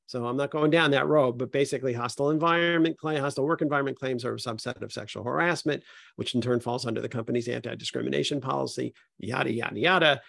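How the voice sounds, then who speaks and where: A man's voice: medium pitch, quick pace, gravelly, fairly bright tone, dry recording, clean studio sound. A middle-aged man, an HR consultant, talking on a panel and acting out both sides of a tough workplace conversation. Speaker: HR consultant and speaker. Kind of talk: panel talk with acted-out workplace dialogue.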